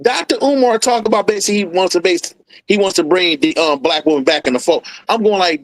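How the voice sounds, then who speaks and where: A man on a podcast talks bluntly, skeptical and heated. His voice is high and the sound is dry and close. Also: fast talker, no room sound, low-quality recording. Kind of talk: casual discussion.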